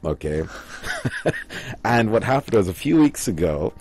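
A man hosting a casual radio show, chatting and running a listener quiz in a relaxed way. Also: lowish voice, slow pace, husky, no echo, faint music behind. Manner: relaxed, chatty, counts down aloud.

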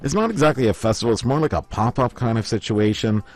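A man's voice: medium pitch, lively intonation, quick pace, a little mellow. A man hosting a live morning radio show from the studio, chatting casually and reading out listener messages, with a slight lisp. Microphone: studio microphone.

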